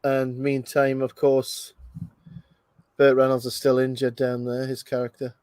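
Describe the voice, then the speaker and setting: A man's voice: mid-range voice, completely flat delivery, unhurried, a little mellow, smooth, no room sound. A man hosting a casual movie commentary, thinking aloud with lots of fillers and restarts. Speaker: host.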